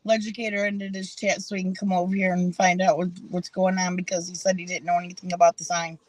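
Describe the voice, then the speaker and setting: A man's voice: high-pitched, little pitch movement, fast, poor audio. A man relaying viewer comments on a livestream, talking hesitantly with fillers. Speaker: co-streamer reading chat.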